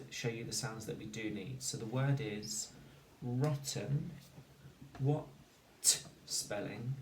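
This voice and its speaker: Male phonics teacher, slow and deliberate, recorded at a distance in an echoey room. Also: medium pitch, slight background noise. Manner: slow, deliberate, sounding out words. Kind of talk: recorded spelling lesson.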